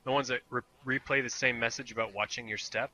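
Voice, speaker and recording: A man's voice: mid-range voice, steady tone, quick pace, sharp tone, poor audio. A man chatting casually on a podcast, rambling through stories and acting out exasperated voices.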